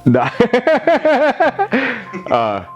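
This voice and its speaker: A man's voice: very high voice, wildly swooping pitch, drawn-out words, soft background music. A man in a documentary interview, talking casually and laid-back about his older sister. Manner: casual, laid-back, says "you know" often. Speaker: interviewee, younger sibling.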